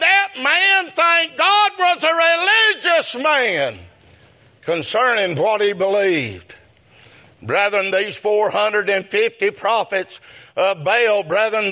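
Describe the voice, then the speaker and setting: Preacher guy, real high bright voice, slow drawn-out sermon, keeps saying brethren. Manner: calls out brethren and my friend often, breaking into shouted peaks; folksy storytelling with chuckles.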